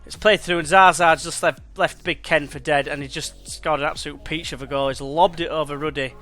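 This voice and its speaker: A man's voice: on the high side, fairly even intonation, brisk, pushed and bright, faint music behind. A young man chatting and calling the action while playing a football management game. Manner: chatty, slangy, commentates play-by-play. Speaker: let's play gamer. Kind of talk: casual gameplay commentary.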